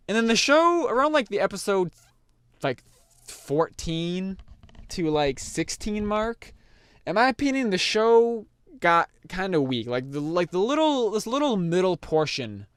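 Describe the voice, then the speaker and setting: A man's voice: on the high side, fairly bright tone, clear, resonant tone, dry recording, clean studio sound. A young man casually rambling through an anime review, full of fillers and restarts.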